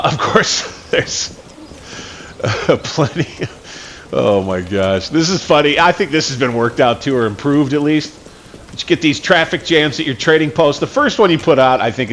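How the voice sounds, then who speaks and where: A man hosting a gaming channel, giving relaxed, rambling commentary on his gameplay. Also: medium pitch. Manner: relaxed, rambling, with fillers and self-corrections. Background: game music.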